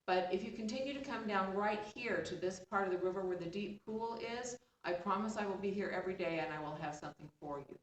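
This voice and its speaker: Woman storyteller doing a wise, gentle river fish, reassuring, slightly raised pitch, distant roomy sound. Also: brisk, few pauses, lo-fi sound, natural voice. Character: kind wise magical talking fish, male. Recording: roomy, distant, faint background hum.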